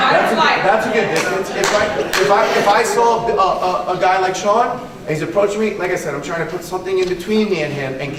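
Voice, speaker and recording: A man, a martial arts instructor, giving a conversational conference talk with a live demonstration, often checking in with "right?" and repeating himself. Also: high-pitched. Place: conference hall. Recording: echoey hall, voice picked up from a distance.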